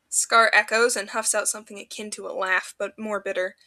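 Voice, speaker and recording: A woman reading fanfiction aloud for a podcast, in an expressive storybook narration. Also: mid-range voice, moderate pace, creaky, few pauses.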